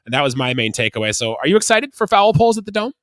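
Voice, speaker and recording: Fast-talking male sports podcast host. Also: fairly high pitch, big pitch swings, fairly bright tone, dry recording. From Canada. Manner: chatty, asks co-host questions, laughs easily. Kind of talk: casual sports podcast chat.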